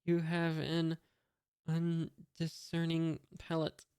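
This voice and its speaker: A reader voicing a proud, sharp-tongued young male cook, read plainly and a little louder than the narration. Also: medium pitch, slow pace, clear, resonant tone, dry recording, clean studio sound. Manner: flat reading, a bit louder for quotes.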